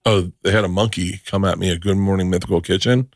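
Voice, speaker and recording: Brief: middle-aged male podcast host, lowish voice, bursts into excited profane anecdotes, dry close mic. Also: fast, dry recording. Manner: animated storyteller, swears freely, restarts sentences. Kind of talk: casual chat.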